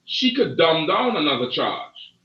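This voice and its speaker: A man's voice: on the high side, sing-song, measured pace, recorded from a distance. A man hosting a casual panel discussion, talking in an emphatic, preacherly way. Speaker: host. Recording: dull, roomy sound from off mic.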